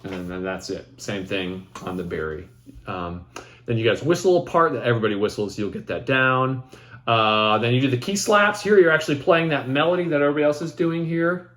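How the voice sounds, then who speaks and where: A man's voice: medium pitch, brisk. Casual man explaining saxophone techniques. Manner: relaxed, filler-heavy, thinks aloud. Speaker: composer demonstrating his piece. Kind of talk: casual instructional walkthrough. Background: saxophone demonstrations.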